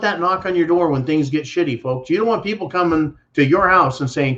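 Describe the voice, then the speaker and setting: Man, live-stream host, blunt profane ranting, slightly high voice, dull lo-fi sound. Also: a little fast, a bit bright. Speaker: livestream host.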